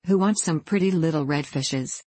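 A woman's voice: sits low, moderate pace, warm tone, dry recording. A woman reading aloud voices a sly, scheming old sorcerer in a fairy tale.

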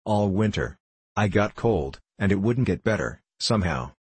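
Brief: a timid, grateful orphan boy, read by a man, low and husky. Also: lively intonation, moderate pace, no echo. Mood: bashful. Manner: bashful and grateful. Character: shy poor boy with a hoarse cough.

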